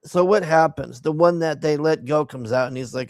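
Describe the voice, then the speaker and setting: A man's voice: mid-range voice, normal speed, gravelly, no echo, studio quality. A man giving a profane, exasperated recap of a movie he hated, scornful of its plot. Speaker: movie reviewer. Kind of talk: casual ranting movie recap.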